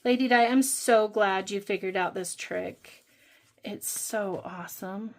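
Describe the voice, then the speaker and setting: A woman's voice: mid-range voice, unhurried. A woman hosting a budgeting channel, chatting casually and thinking aloud while she counts and scratches off savings challenges.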